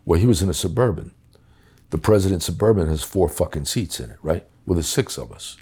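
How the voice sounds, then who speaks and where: Deep, husky, blunt-talking middle-aged man. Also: lively intonation, brisk, warm tone. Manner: blunt, profane, emphatic. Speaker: guest recounting his time as a police official. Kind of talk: storytelling in conversation.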